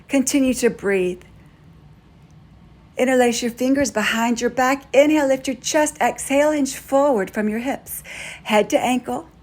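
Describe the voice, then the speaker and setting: A woman with a slightly high voice leads a yoga class. She talks students through each pose with calm, steady instructions. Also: moderate pace. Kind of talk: guided yoga class cues.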